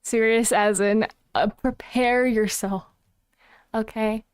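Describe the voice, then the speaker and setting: A woman's voice: on the high side, steady tone, takes it slowly, clean tone, no echo, clean studio sound. A young woman chatting casually on a livestream, flustered and self-mocking as she sets things up. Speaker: streamer.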